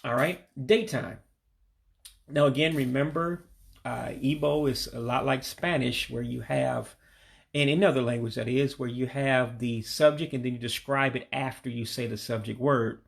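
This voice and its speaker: Gravelly man teaching vocabulary. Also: mid-range voice, steady tone. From United States. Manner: patient, repeats each word slowly for practice. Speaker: language learner teaching vocabulary. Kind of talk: home-made vocabulary lesson.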